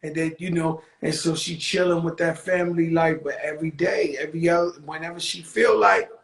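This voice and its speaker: A man hosting a talk show, telling stories in a loose, profane street-talk style that slows into motivational preaching. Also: a little high, fairly even intonation. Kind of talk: casual storytelling monologue. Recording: echoey room.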